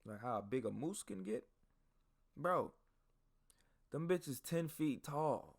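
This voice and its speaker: With an animated delivery and a slow pace, this podcast host tells casual, profanity-laced stories straight to his audience. His voice sits in the mid range.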